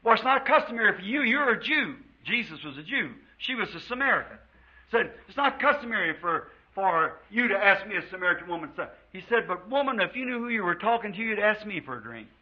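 A man's voice: high voice, very animated, fairly quick, husky. A man from the United States preaching a fervent sermon to a congregation in a church, drawing out quotes of scripture. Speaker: pastor. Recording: dull lo-fi old sermon tape.

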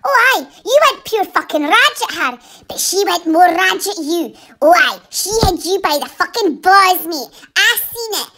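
A squeaky male puppet dog rants, all swearing and giggles. His voice is extremely high, bright and piercing, and it jumps all over the place. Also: animated, moderate pace, few pauses, exaggerated voice. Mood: mocking. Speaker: comic ranting vlogger. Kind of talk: comic puppet rant.

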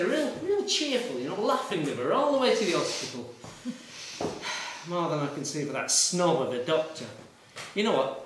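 A high, slightly bright male voice belongs to an actor performing a live monologue in his solo stage show. He plays an aggrieved middle-aged traffic warden who blusters, rambles and feels sorry for himself, erupting in sudden bursts. It was recorded in an echoey meeting room with an audience, and he sounds far away.

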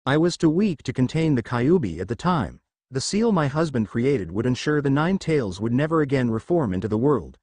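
A man's voice: medium pitch, very animated, normal speed, a little mellow, no echo. A man reading as a harsh, bitter ninja mother. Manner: harsh, retorting.

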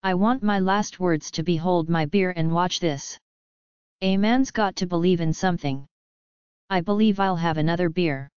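A woman reading a list of drinking jokes and one-liners in a flat, even delivery. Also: lowish voice, normal speed, clear, resonant tone, no echo. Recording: dull lo-fi dry recording.

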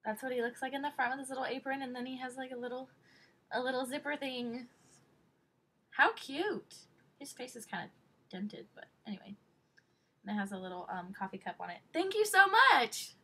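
A woman opening a package for her vlog, gushing and excitable, often squealing. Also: on the high side, a little fast, long pauses, breathy edge, low-quality recording. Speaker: vlogger.

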